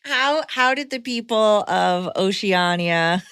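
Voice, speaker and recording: A woman co-hosting a podcast in casual chat, asking quick teasing questions and laughing often. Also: medium pitch, lively intonation, fairly bright tone, smooth. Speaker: podcast co-host.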